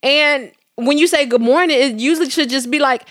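A woman's voice: high-pitched, a little fast, fairly bright tone. A woman co-hosting a podcast in casual chat, reacting frankly and throwing in joking asides. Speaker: podcast co-host.

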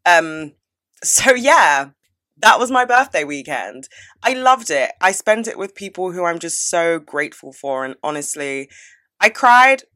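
Woman in her twenties, bright forceful voice, slightly lowered by a cold, chatty, swears a lot. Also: lively intonation, unhurried. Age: 20s. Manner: chatty, swears freely, gushing. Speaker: podcast host. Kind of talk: casual advice and life-update chat.

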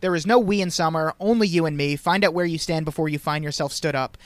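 A man's voice: a little high, quick pace, no echo. Laughing, wry man on a podcast. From Long Island. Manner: laughs often, recaps scenes wryly. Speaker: podcast host. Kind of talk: casual recap chat.

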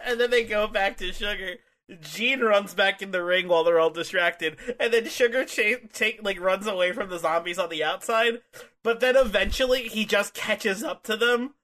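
High, bright-voiced man chatting casually. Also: normal speed. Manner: rambling, restarts, acts out quotes in a higher voice. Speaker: podcast co-host. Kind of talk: casual chat.

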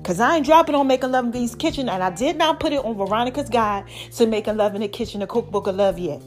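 A woman hosting her podcast in a casual, animated monologue, a little short of breath and calling her listeners baby. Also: fairly high pitch, fast talker, faint music behind. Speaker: podcast host.

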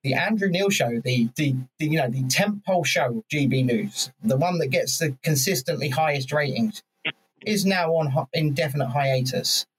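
Animated swearing man. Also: on the high side, normal speed, breathy edge, rough recording. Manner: animated, swearing, frequent restarts. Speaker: podcast host. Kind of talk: casual political chat.

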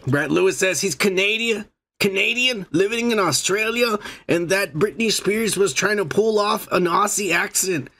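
A young man in a loose, crude podcast chat, his voice high-set and raspy with a gravelly fry. He sounds sharp and boastful, joking as he goes. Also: moderate pace. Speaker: podcast co-host. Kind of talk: casual drunk chat.

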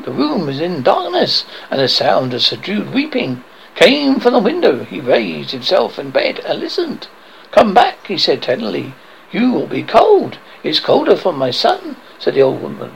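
Gravelly dramatic horror-story narrator man. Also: a little high, slight background noise, poor audio. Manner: dramatic, with halting slips. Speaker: horror host.

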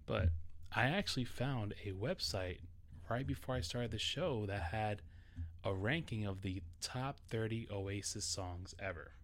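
A man's voice: on the low side, unhurried, a bit bright. A man from New York hosting a solo podcast episode, talking casually and a little nervously, with restarts. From New York City. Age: adult. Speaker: podcast host.

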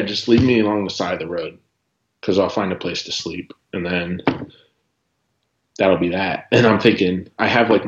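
A man spins a casual story in an easy, rambling way, full of "like" and little laughs. His voice sits low. The recording is roomy and a bit dull. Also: fairly bright tone, a little hiss or hum. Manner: chatty, says "like" often, laughs while telling. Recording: roomy, slightly dull sound.

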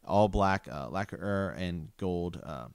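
A man's voice: low-pitched, lively intonation, slow, vocal fry, clean tone, dry recording, clean studio sound. A man reading a novel aloud in a casual book chat, hesitant, with fillers and restarts. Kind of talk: casual book discussion with read-aloud passages.

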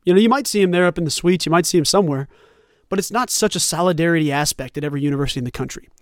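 A young man rattles off sports talk at a very fast clip in a fairly high-pitched voice. As host of the show, he is animated and conversational, wandering into frequent asides. It's a dry, studio-quality recording.

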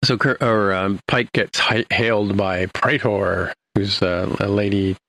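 Older male host, gravelly and fairly low-pitched, loose rambling recap full of fillers. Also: fairly even intonation, unhurried, a bit bright, a little hiss or hum, poor audio. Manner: rambling, many fillers and restarts. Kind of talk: casual episode recap.

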